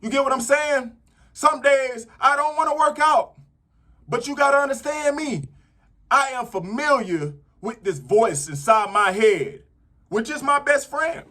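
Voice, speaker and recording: A man's voice: extremely high pitch, animated, unhurried, sharp tone. A man giving a casual motivational talk to camera, talking conversationally and checking in with his listeners again and again. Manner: conversational, repeats "you get what I'm saying". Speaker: motivational vlogger.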